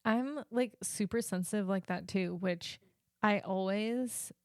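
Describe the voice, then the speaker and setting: Low gravelly lady host chatting, lots of yeahs, dry close mic. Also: unhurried, no echo. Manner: relaxed, lots of agreeing "yeah", laughs easily. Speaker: podcast host, life coach. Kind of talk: casual chat.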